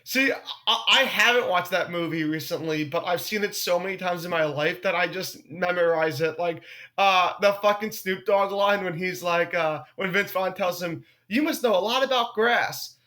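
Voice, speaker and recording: A young man, a comedian, talking casually on a podcast, animated and swearing freely. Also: high voice, moderate pace. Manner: animated, swears often, breaks into loud joking voices.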